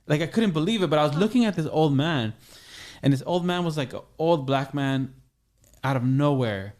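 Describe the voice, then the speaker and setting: A man's voice: fairly high pitch, lively intonation, moderate pace, darkish tone. A young man, a podcast guest, telling a personal story in a rambling, casual way, full of restarts and fillers.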